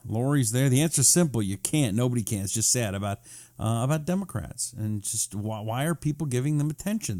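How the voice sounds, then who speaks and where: Animated sarcastic male talk show host. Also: medium pitch. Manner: animated and sarcastic, mocks viewers in a whiny voice. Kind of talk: live-streamed political talk show reading viewer comments.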